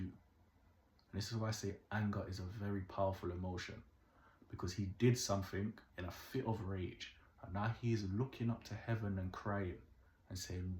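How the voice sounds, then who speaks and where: A man's voice: fairly low pitch, moderate pace, a little hiss or hum. A young man from the Caribbean telling a true story casually, checking in with "yeah?" and drawing moral lessons. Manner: animated, keeps asking "yeah?", moralizing. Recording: echoey room.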